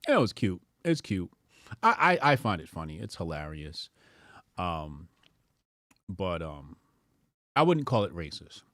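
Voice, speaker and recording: A man's voice: low voice, very animated, unhurried, long pauses, fairly bright tone, no echo, clean studio sound. A man streaming casual reaction commentary who laughs often, speaks bluntly and profanely, and talks to his chat.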